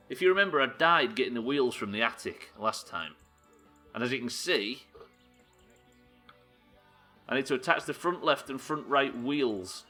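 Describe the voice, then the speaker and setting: A man's voice: medium pitch, bright, forceful tone. A man chatting casually while playing a game on a live stream, swearing and joking as he plans each move. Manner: sweary, joking, thinking aloud. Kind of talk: casual gameplay commentary.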